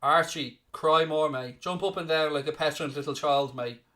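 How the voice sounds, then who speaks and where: A man's voice: a little high, moderate pace, fairly bright tone. An Irish man with a Dublin-area accent hosting a live football watchalong, teasing viewers in casual chat and rattling off scores like a presenter. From Ireland. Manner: teasing, mock-scolding replies to viewer comments. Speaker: watchalong host.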